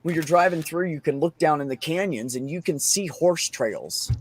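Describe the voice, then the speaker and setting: A man chatting casually on a podcast, telling excited stories and swearing often. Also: a little high, moderate pace. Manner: excited storytelling, frequent swearing. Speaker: podcast host. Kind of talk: casual chat.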